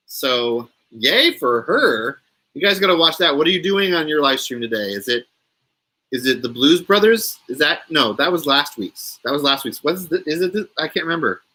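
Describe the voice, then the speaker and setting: Slow, lively-voiced male live streamer. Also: fairly high pitch, rough recording. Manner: playful, laughs often, chatty with viewers. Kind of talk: casual live stream chat, running a word game.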